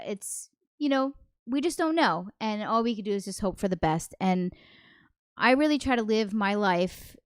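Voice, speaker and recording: A woman's voice: medium pitch, clean tone, dry recording, clean studio sound. A woman hosting a livestreamed variety show, chatting in a rambling, self-deprecating way and greeting viewers by name. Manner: self-deprecating, nervous, laughs often. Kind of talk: casual livestream chat.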